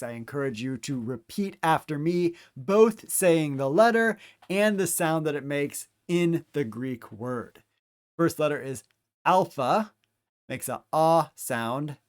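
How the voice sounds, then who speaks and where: A man teaching Greek pronunciation, speaking deliberately and repeating each letter and example word for the listener. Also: fairly high pitch. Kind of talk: slow instructional pronunciation lesson.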